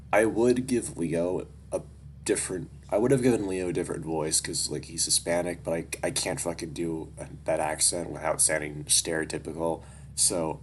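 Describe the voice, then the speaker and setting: Young guy reading a story out loud, super deep voice, swears a lot in his side comments. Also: a little hiss or hum. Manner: casual, profane, candid asides. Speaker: story reader.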